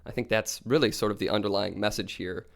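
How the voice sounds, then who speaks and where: A young man on a casual podcast retells old myths in a calm, steady way. His voice sits low and has a gravelly, creaky edge. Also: brisk. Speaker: podcast co-host.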